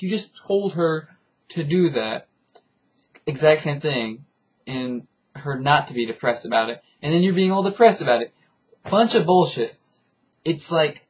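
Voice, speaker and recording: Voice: medium pitch, moderate pace, husky. Rambling, profane anime reviewer. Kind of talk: casual ranting review.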